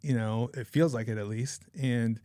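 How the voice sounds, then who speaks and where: Male guest, forties, average pitch, loose chatty anecdote delivery, dry recording. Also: steady tone, moderate pace, warm tone, dry recording. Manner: rambling, chatty anecdote-telling with frequent laughs. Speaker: podcast guest. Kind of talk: casual storytelling.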